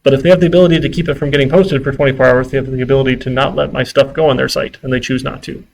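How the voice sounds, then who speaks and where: A man's voice: medium pitch, steady tone, racing, creaky, a little hiss or hum, low-quality recording. A man giving a casual classroom lecture as a university instructor, chatty, with exasperated asides and frequent fillers.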